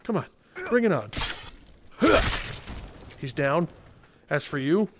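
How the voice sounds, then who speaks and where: A man with a slightly high voice talks through gameplay in a loose, excitable way, reviewing game mods. He chats directly to the characters on screen and breaks into laughs, with a faint noise floor underneath. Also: slow pace. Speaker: video game mod reviewer. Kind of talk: casual gameplay commentary.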